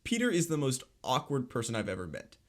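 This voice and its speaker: A man's voice: medium pitch, quick pace. A young man co-hosting a podcast, telling stories in a casual chat, acting out voices and laughing often. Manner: animated storyteller, acts out voices, laughs often. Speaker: podcast co-host.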